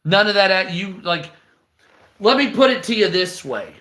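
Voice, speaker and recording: A man's voice: sits high, expressive, normal speed, pushed and bright. A man from the United States giving heated, profane, rambling commentary on a live news stream.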